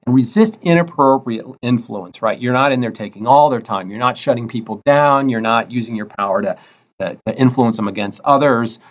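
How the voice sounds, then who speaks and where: A man's voice: mid-range voice, brisk, dull audio. A man giving a casual recorded course lecture, often tagging his points with "right?" and acting out bits of dialogue. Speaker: instructor.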